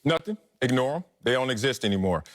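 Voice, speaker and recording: A man's voice: mid-range voice, expressive, quick pace. A man co-hosting a sports talk show, arguing his take in an emphatic, theatrical, teasing way. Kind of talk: animated sports debate.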